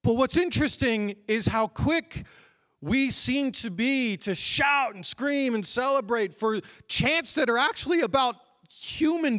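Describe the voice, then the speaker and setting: A man preaching a sermon, telling stories animatedly, with frequent restarts and sudden bursts of shouting. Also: sits high. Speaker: pastor.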